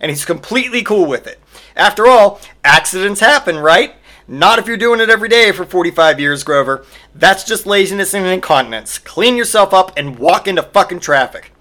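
A man's voice: high voice, animated, a little fast, bright, forceful tone. A man hosting a podcast, delivering a profane solo comedic rant full of exaggerated mock outrage. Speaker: podcast host.

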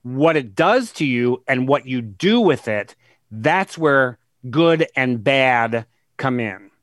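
A male guest author in an interview explains his thinking in an earnest, emphatic, animated way at a medium pitch. Key words get slowed and stressed, and he relays conversations by way of example, all captured in studio quality with no echo.

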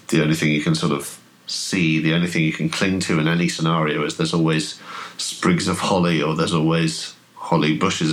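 Guy running a horror tabletop game, really low voice, lots of ums. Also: a bit bright. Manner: halting, full of fillers. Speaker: game master.

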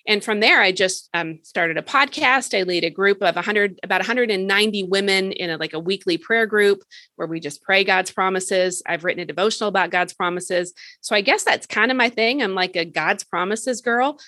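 A woman's voice: mid-range voice, brisk, bright, forceful tone, no echo. A woman guest on a faith podcast, an author and speaker, telling her story eagerly and earnestly. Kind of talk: casual faith podcast interview.

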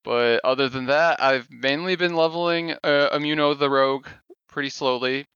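Brief: crisp, bright male podcaster, dry and slightly dull mic, easygoing recap. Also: mid-range voice, moderate pace, dry recording. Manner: relaxed, rambling, filler-heavy recap. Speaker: podcast co-host. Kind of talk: casual gaming podcast chat.

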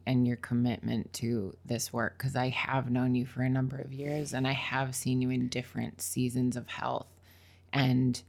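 A woman hosts an intimate podcast conversation, speaking close to a big studio microphone. Her voice sits very low and has a gravelly fry. She talks in a slow, measured and affirming way. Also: darkish tone. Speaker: podcast host. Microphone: large studio microphone.

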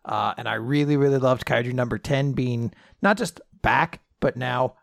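Podcast co-host: a man with a gravelly, mid-range voice, enthusiastic and casual. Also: medium pitch, normal speed, fairly bright tone, no echo. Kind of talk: casual chat.

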